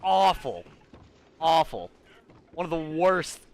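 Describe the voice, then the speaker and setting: A man's voice: on the high side, very animated, slow pace, darkish tone. A young man streaming a game, ranting with exasperated, profane commentary.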